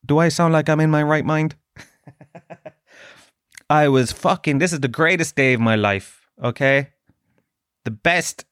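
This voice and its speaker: A man hosting a podcast, telling a comic story in a profane, ranting, animated way. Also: mid-range voice, no room sound, clean studio sound. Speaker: podcast host.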